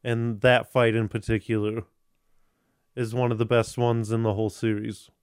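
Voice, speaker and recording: A man's voice: mid-range voice, little pitch movement, moderate pace, clean tone, dry recording, clean studio sound. A man hosting a podcast, chatting casually, rambling, swearing and restarting often. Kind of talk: casual chat.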